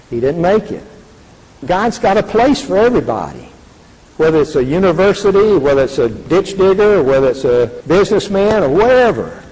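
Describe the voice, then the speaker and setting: A man's voice: a little high, a little mellow, breathy edge. An older man giving an earnest faith testimony, speaking with a preacherly, repetitive cadence. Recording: reverberant hall.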